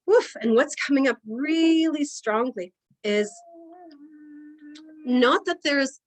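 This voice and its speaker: A woman speaking from home, leading a live energy healing session in an informal, hesitant way with frequent fillers and pauses. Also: sits high. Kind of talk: guided healing session talk.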